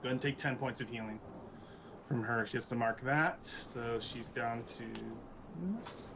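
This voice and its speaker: A man's voice: medium pitch, fairly even intonation, background noise. Stammering man running a tabletop game. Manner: halting, repeats words, laughs easily. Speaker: game master.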